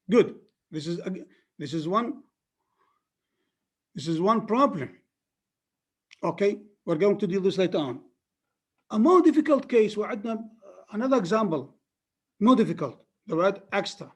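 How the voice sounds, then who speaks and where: Man, high voice, phonetics lecturer, repeats words, checks on students. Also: animated, measured pace, pauses often, husky. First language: Arabic. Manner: repetitive, keeps checking that students follow. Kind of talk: classroom lecture.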